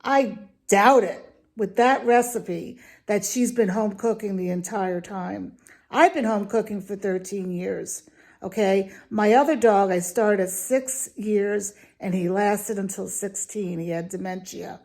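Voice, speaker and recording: A woman's voice: mid-range voice, measured pace, darkish tone. A woman giving an opinionated video review, talking in an indignant, emphatic, ranting way. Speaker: dog food reviewer.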